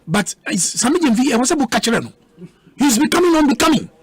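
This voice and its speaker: A man's voice: very high voice, sing-song, quick pace, slightly rough. A man with a Ghanaian accent, arguing heatedly as a guest in a radio debate, combative and repeating words for emphasis.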